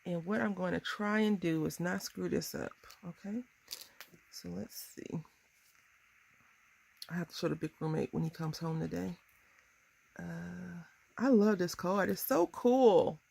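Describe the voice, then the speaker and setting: A woman in her thirties chatting casually through a crafting tutorial, bubbly and quick to laugh at herself. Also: fairly low pitch, steady tone, creaky, a little mellow, slightly rough. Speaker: crafting vlogger.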